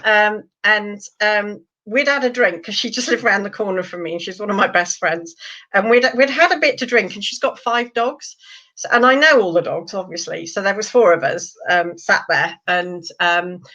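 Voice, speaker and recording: A woman's voice: medium pitch, moderate pace. A woman, an animal communicator answering interview questions in a chatty storytelling way. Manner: chatty, lively storyteller, full of fillers. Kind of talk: interview guest telling anecdotes. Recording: slightly muffled lo-fi sound.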